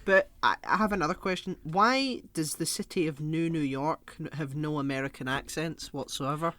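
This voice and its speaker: A man co-hosting a podcast in casual chat, blunt and sweary, teasing his co-host with quick restarts. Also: a little high, bright, forceful tone.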